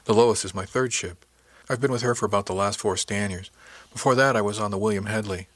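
A man's voice: fairly low pitch, a bit bright, no echo. A man voicing a frank, friendly woman spacer. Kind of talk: audiobook character voice.

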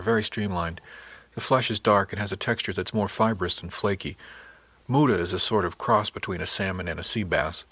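A man reads a first-person audiobook in a measured, even way. His voice is on the low side, and the recording is dry and close with no room sound. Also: no echo. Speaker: audiobook narrator.

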